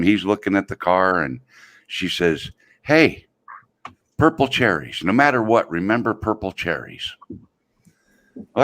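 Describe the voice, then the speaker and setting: A middle-aged man, a video host, telling a long joke in a folksy, drawn-out way. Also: low-pitched.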